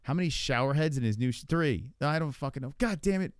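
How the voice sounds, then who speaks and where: A man hosting a casual podcast, thinking aloud while he plays a quiz, with lots of swearing, fillers and halting repeats. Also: fairly high pitch, lively intonation, no room sound, clean studio sound. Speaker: podcast host. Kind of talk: casual chat while playing an online quiz.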